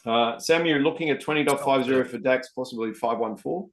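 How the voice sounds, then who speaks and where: A man's voice: medium pitch, a little fast, a bit bright. A man hosting a live trading session, chatting casually to viewers and calling them guys and mate. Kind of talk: live-stream trading commentary.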